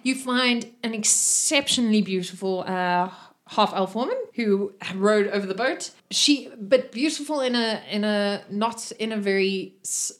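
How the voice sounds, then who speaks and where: A woman narrates a tabletop game as its game master. Her voice sits in a middle pitch. She stops and restarts often, filling gaps with ums and uhs. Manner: halting, with many fillers.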